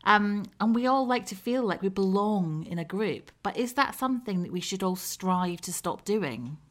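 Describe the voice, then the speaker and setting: A woman's voice: mid-range voice, animated, moderate pace. A woman interviewing an author, curious and conversational, linking the topics to her own life. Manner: curious, relates topics to herself.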